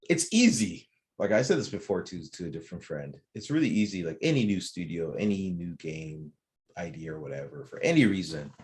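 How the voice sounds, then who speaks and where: A man with a very deep, husky voice talks on a casual podcast roundtable. He stays optimistic and keeps hedging with "like" and "right?". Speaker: podcast co-host.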